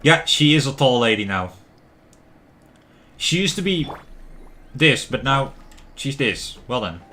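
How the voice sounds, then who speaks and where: A man's voice: mid-range voice, lively intonation, takes it slowly, pushed and bright. A man casually commenting and joking over a video game as a streamer. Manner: chatty, joking, laughs often.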